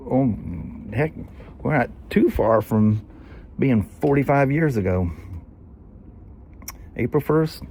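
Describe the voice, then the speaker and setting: A man's voice: medium pitch, warm tone. Man in his 60s, Southern US accent, rambling folksy storyteller, mid-range voice, faint hum behind. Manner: rambling, folksy, with frequent "you know" and "anyway". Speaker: vlogger. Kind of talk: casual storytelling.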